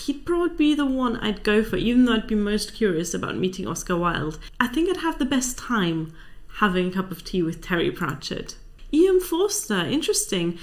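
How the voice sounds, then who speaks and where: A young woman hosting a book channel, chatting casually and reading out viewer answers with wry, dry asides. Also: mid-range voice.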